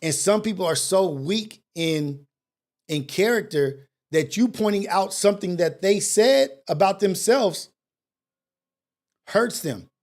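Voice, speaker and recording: A man's voice: high voice, lively intonation, takes it slowly. A man hosting a talk show, delivering a preachy monologue with street slang and repeated rhetorical questions. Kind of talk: impassioned monologue.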